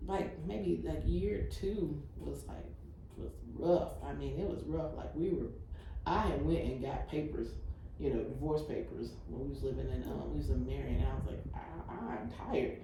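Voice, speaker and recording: A woman's voice: sits low, moderate pace, vocal fry, a little hiss or hum. Woman with a roomy, distant sound. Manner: animated, laughing storytelling. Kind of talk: casual faith talk. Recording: echoey room, distant mic.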